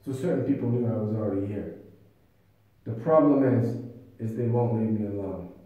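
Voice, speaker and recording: A man's voice: fairly low pitch, normal speed, warm tone. A man urgently recounting a grievance in a meeting, quoting what others said to him. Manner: earnest, urgent, often quotes others. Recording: very echoey room, voice far from mic.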